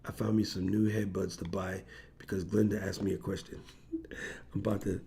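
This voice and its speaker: A man with a gravelly, rough-edged voice hosts a livestream in loose, slangy chat. He tells stories with energy and puts on the voices of the people he quotes. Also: on the low side, normal speed. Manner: animated slangy storyteller, acts out quoted voices. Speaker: livestream host. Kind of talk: casual livestream storytelling.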